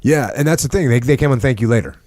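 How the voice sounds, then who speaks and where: A man's voice: medium pitch, fast, a little mellow, no room sound. A man hosting a podcast interview, easygoing and teasing, laughing along with his guest. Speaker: podcast host. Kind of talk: conversational interview.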